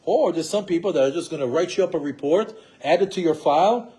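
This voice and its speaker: Middle-aged male teacher, animated lecture delivery, slightly high, warm mellow tone. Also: brisk, few pauses. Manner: animated, rhetorical questions, acts out quoted spouses. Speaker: Torah teacher. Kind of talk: marriage class lecture.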